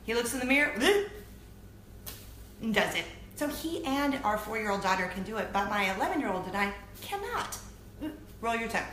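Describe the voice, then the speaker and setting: A woman in her thirties hosting a weekly web show, chatting casually to camera in an animated, self-deprecating way. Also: medium pitch, normal speed. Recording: echoey room with faint noise.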